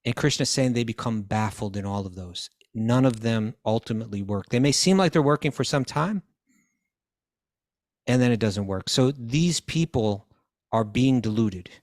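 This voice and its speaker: A man's voice: medium pitch, expressive, moderate pace, a little mellow, no room sound, studio quality. A man teaching scripture in a question-and-answer talk, quoting Sanskrit verses, translating them and often restarting his phrases.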